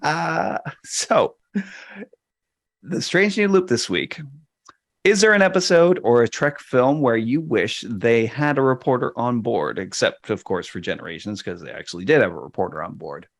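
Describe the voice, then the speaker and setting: A man's voice: mid-range voice, normal speed, gravelly. A man co-hosting a podcast who introduces a segment in an upbeat, playful way. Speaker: podcast co-host. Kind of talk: casual podcast chat.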